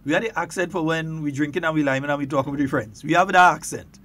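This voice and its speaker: A man with a Grenadian accent hosting a radio talk show in casual chat, lively and quick to laugh. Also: on the high side. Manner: lively, laughs often, stretches words for emphasis.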